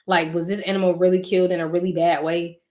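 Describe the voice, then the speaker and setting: Animated woman telling a story to viewers. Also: lowish voice, fast. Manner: animated storytelling, acts out own reactions; uses casual slang, talks directly to listeners. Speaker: channel host talking to viewers. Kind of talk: casual spiritual chat with viewers.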